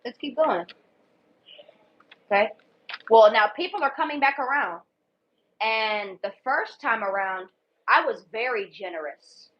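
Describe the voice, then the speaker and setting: A woman's voice: on the high side, lively intonation, a little slow, pauses often. Blunt, profane woman reading tarot. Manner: blunt, profane and emphatic, repeats herself. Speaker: tarot reader. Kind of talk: casual tarot reading to viewers. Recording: dull lo-fi sound.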